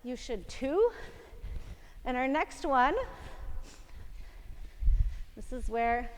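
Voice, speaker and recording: A woman's voice: high voice, expressive, very slow, long reverb tail, slight background noise. A woman fitness instructor coaching a home workout, encouraging and counting reps aloud while out of breath. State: out of breath, winded.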